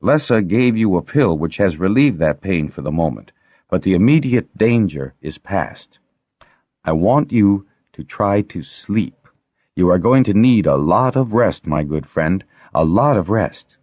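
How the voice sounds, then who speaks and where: A soothing older healer, voiced by a man reading an audiobook, calm and reassuring, a touch higher than the reader's usual deep, husky voice. Dry close recording. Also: unhurried, no room sound, muffled recording.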